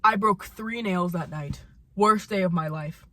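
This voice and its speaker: A young woman with a bright, sharp tone rants about her day in a casual storytime vlog. She talks heatedly, swears freely, and repeats lines over and over to hammer them home. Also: animated, takes it slowly, dry recording. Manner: mimics coworker in high sing-song voice. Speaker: vlogger telling a work story.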